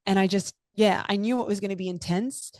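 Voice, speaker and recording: A woman's voice: mid-range voice, a little fast, darkish tone, dry recording. Young woman, podcast guest, dry close sound, gushing and heartfelt. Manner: emotional, effusive, many fillers. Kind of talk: candid personal storytelling.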